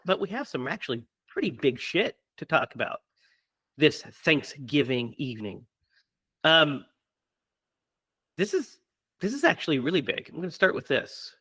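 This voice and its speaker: A bright, fairly high-voiced man hosting a horror podcast in casual chat. He talks in loose, chatty runs full of fillers and laughs easily. The sound is dry and close, with no room around him. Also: very animated, moderate pace, pauses often, slightly rough, no room sound. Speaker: podcast host.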